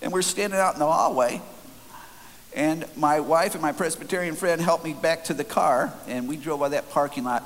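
A man's voice: fairly high pitch, normal speed. Earnest man telling a sermon story. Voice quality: earnest, conversational, frequent restarts. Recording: faint hiss, long hall reverb.

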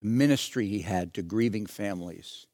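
A man preaching a sermon, telling a story dramatically and swinging from soft, low passages to loud, raised ones. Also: normal speed, dry recording, studio quality. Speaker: pastor.

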